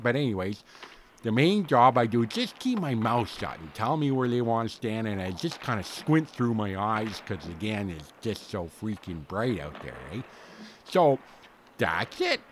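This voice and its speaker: A man's voice: mid-range voice, a little hiss or hum, close to an everyday voice. Lester, a man playing a rambling yarn-spinner. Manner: rambling, folksy, full of slang and fillers. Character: folksy rambling man telling a tall tale. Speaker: storyteller. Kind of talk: comic character monologue.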